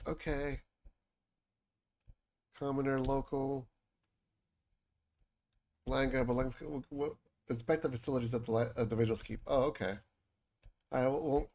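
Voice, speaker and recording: A man's voice: medium pitch, fairly even intonation, normal speed, pauses often, a little mellow. A man streaming a game, chatting casually with his viewers and reading game dialogue aloud. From United States. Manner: chatty, joking with chat, reads game lines aloud.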